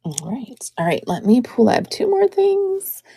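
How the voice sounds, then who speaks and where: A middle-aged woman selling vintage jewelry on a live stream, chatting in an admiring, unhurried way. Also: sits high, very animated, dark tone, husky, no echo. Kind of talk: live-stream sales chat.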